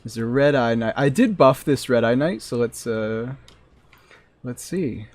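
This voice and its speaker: Male streamer, casual joking commentary to chat over gameplay, average pitch. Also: measured pace, darkish tone, dry recording. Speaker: streamer playing a modded game.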